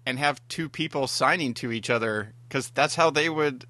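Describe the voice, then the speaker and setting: Man co-host, rambling casual talker, bright forceful tone. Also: mid-range voice, moderate pace. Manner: rambling, many fillers and restarts. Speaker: podcast co-host. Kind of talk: casual TV review chat.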